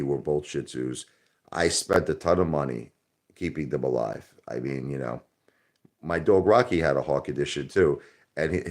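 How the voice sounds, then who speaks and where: A very low-voiced man hosts a live stream, rambling and cracking jokes. He gets loud when he is joking around and goes quiet and somber at other times. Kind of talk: casual live-stream chat.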